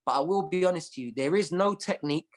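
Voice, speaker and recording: A man with a London accent, a comedian chatting as a podcast guest and telling animated stories full of street slang. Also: on the high side, quick pace. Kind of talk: casual chat.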